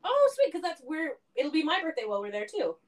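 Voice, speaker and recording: A woman in her thirties chatting casually on her podcast, laughing through quick asides. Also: sits high, huge pitch swings. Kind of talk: casual chat.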